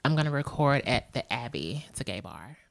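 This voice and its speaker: A woman comedian trades teasing, deadpan jabs in casual podcast banter. Her voice sits low for a woman, and her pitch moves a lot, rising and falling through each line. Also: brisk, creaky, dry recording. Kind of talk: casual chat.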